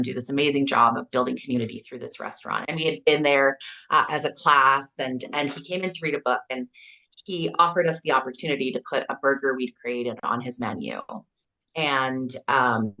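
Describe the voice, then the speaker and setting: A middle-aged Canadian kindergarten teacher and author, a woman with a Canadian accent and a bass voice, appears as a guest in a podcast interview. She earnestly tells stories and acts out the quotes with lively animation.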